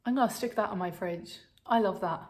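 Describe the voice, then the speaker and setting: A woman's voice: mid-range voice, fairly quick, a little mellow, a little hiss or hum. A young woman with an Irish accent, chatting to camera in a rambling, self-mocking way. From Ireland. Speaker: vlogger. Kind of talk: casual chat to camera.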